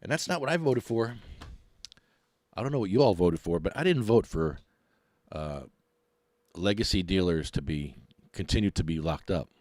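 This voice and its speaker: A middle-aged man, hosting a podcast and ranting in a mocking, animated way. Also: low-pitched, moderate pace, no room sound, clean studio sound. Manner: animated, mocking, laughs often. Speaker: podcast host.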